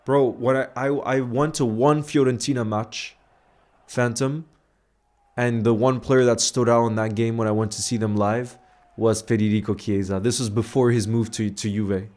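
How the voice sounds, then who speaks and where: On his live football watch-along stream, a man with a medium-pitched, steady voice talks at a moderate pace. He grew up largely in New York and, between reactions, casually reads out viewer messages, calling people "bro" and giving shout-outs in a relaxed, chummy manner.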